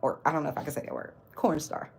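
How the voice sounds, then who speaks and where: A woman's voice: low-pitched, expressive, quick pace, vocal fry, darkish tone, a little hiss or hum. A woman hosting her own livestream, chatting casually about celebrity gossip with mocking asides. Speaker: livestream host.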